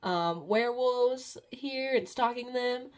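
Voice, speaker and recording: A woman's voice: fairly high pitch, takes it slowly. A woman doing a cheeky redheaded demoness. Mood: teasing.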